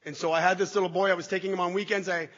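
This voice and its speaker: A man giving an emotional recovery testimony to an audience, halting and restarting as he speaks. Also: high-pitched, flat delivery, a bit bright. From Canada. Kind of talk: personal testimony talk to an audience. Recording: dull echoey hall recording.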